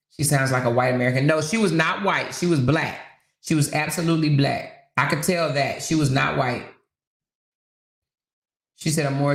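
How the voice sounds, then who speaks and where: A woman's voice: low voice, gravelly, echoey room. A woman hosting a casual livestream, chatting and reading viewer comments aloud. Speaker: livestream host.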